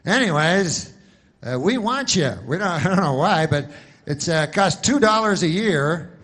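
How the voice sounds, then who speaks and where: A man putting on a pushy insurance pitchman. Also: expressive, unhurried, fairly bright tone, exaggerated voice. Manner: salesy, rambling pitch. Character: pushy male insurance pitchman for old people.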